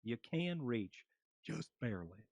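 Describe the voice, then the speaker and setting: A man running a tabletop fantasy game as game master, describing the scene in halting narration full of fillers. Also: medium pitch, sing-song, a little mellow, no echo.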